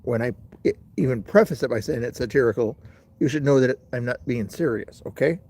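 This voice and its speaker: A man's voice: medium pitch, fairly quick, darkish tone, breathy edge. A middle-aged man hosting a casual livestream outdoors, rambling and talking straight to his chat. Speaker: livestream host.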